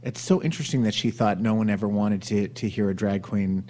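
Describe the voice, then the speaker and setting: Podcast host guy, mellow voice, just chatting and laughing along with the guest. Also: on the low side, steady tone, brisk. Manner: chatty, asks loose questions, laughs along. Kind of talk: casual interview chat.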